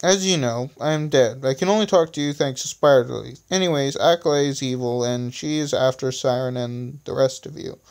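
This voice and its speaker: A man reads his own story aloud into a phone, his voice smooth and clean and sitting at a middle pitch. He often trips over words and starts again, and he breaks off for self-mocking asides. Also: fairly quick, few pauses. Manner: self-deprecating, stumbles and restarts often. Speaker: reader of his own stories. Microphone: phone screen recorder.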